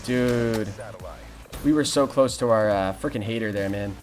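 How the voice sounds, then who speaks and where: A young man commentating his live game stream, greeting viewers and answering chat in an excitable, casual way. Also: lowish voice, measured pace. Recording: music playing behind.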